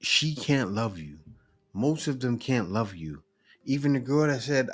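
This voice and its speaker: A man hosting a reaction commentary, pausing clips to lecture emphatically about relationships. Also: mid-range voice, big pitch swings, breathy edge.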